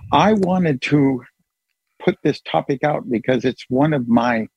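A man's voice: fairly high pitch, expressive, a little slow, a little mellow, slightly rough, dry recording, lo-fi sound. A man hosting a group call, chatting casually and joking at his own expense. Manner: chatty, joking, self-deprecating. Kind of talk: casual chat.

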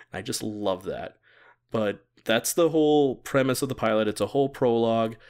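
A man's voice: mid-range voice, normal speed, darkish tone, clear, resonant tone. Chatty man recapping a show. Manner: chatty, laughs often, acts out quoted lines. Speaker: podcast host recapping a TV pilot. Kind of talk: casual chat.

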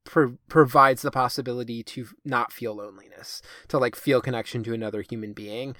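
A man's voice: mid-range voice, fairly even intonation, a little fast, sharp tone, no room sound, studio quality. A man co-hosting a podcast in casual chat, rambling with lots of fillers and casual swearing. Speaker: podcast co-host.

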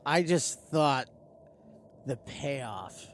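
A man's voice: medium pitch, lively intonation, extremely slow, a little hiss or hum. A man in casual chat about a film, chiming in with dry, wry remarks. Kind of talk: casual movie-recap chat.

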